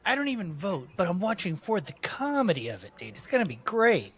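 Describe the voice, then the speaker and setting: A man's voice: sits high, huge pitch swings, brisk, fairly bright tone, slightly rough. A man co-hosting a podcast, trading crude jokes and laughing often in casual chat. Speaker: podcast co-host.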